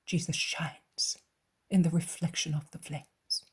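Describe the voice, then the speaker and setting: Slow breathy female audiobook narrator, soft near-whisper delivery, lowish voice. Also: fairly even intonation. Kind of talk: scripted narration.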